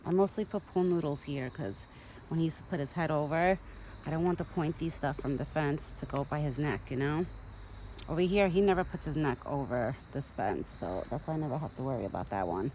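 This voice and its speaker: A woman's voice: deep voice, brisk, dark tone, a little hiss or hum, poor audio. Chatty young woman vlogging outdoors. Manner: chatty, rambling, talks fondly to the deer. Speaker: vlogger feeding a backyard deer. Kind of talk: casual chat to camera. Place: outdoors in a rural yard. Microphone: phone camera. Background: insects and countryside ambience.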